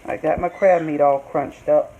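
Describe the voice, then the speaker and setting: An older woman talks viewers through a recipe in a low, easygoing voice, calling them y'all. She records in a home kitchen, and a frying pan sizzles loudly over her words. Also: fairly even intonation, normal speed, narrow, tinny audio, a little hiss or hum. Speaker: cooking vlogger. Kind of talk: casual cooking tutorial. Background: sizzling pan and stirring.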